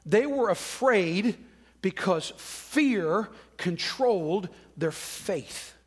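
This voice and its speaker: Male preacher, high-pitched, chatty sermon delivery with acted-out quotes. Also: lively intonation, drawn-out words, breathy edge. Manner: conversational preaching with dramatic quoted voices. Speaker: pastor.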